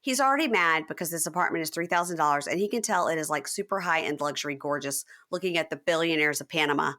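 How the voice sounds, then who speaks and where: This is a woman hosting a casual podcast chat with a bright, clear voice. She retells scenes with lively energy and acts out each person's lines as she goes. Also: low voice, fast. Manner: animated retelling, acting out the couple's lines. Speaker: podcast host.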